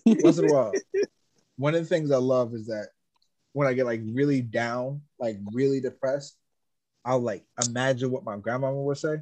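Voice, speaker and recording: A man co-hosting a casual chat, telling stories with swearing and bursts of loud acted-out voices. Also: mid-range voice, normal speed. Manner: animated storyteller who jumps into loud mimicked voices; uses profanity. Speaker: podcast co-host.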